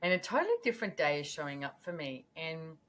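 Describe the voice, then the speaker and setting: A woman talking as a podcast guest in a casual, animated way, acting out her own thoughts as she goes. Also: sits low, fast talker, a little hiss or hum. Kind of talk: casual conversational interview.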